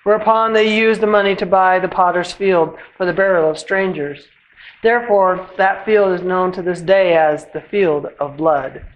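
A church reader giving a measured, solemn reading of scripture at a worship service, slowing at the ends of phrases. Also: medium pitch, fairly even intonation, dull audio.

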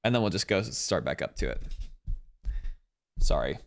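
Chatty man streaming with a lively voice. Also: low voice, moderate pace. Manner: chatty and rambling, excitedly thanking viewers. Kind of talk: casual live-stream chat with viewers.

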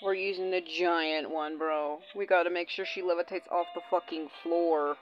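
A woman's voice: lowish voice, fairly even intonation, moderate pace. Casual, profane young woman gamer. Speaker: gaming channel host. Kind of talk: casual gameplay commentary. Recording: dull lo-fi audio, faint game music.

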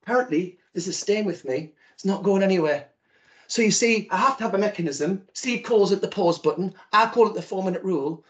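A man's voice: high voice, a little fast. A man giving a talk, telling a comic story from his marriage and acting out the voices. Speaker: speaker. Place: virtual event.

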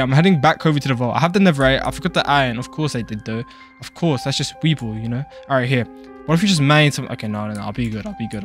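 A man doing frantic Minecraft role-play commentary, jumpy and casual, talking to in-game characters and calling them bro. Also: fairly high pitch. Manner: casual slang, calls others bro. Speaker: gaming YouTuber.

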